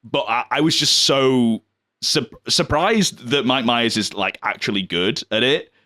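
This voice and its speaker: A man's voice: medium pitch, unhurried, pushed and bright, no echo. A man co-hosting a casual movie chat, rambling and hedging with lots of fillers and laughs. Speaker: podcast co-host.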